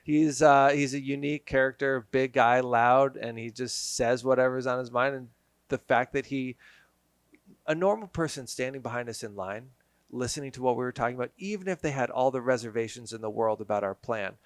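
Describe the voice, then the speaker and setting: Brief: podcast guest, man, medium pitch, animated casual storyteller, dry studio sound. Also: brisk, clear, resonant tone, no room sound. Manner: animated storyteller, acts out quotes. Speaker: guest, business owner.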